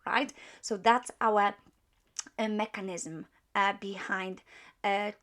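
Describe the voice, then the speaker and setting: A woman teaching a beginner language lesson, explaining step by step with many pauses and patient repetition. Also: medium pitch, fairly even intonation, fairly bright tone. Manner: apologetic when correcting herself.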